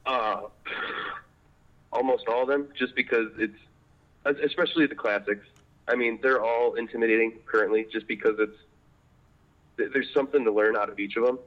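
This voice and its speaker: A man chatting as a podcast guest, animated and laughing often as he tells his story. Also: mid-range voice, moderate pace, long pauses, lo-fi sound. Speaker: podcast guest, apprentice pipe maker. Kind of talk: casual interview chat.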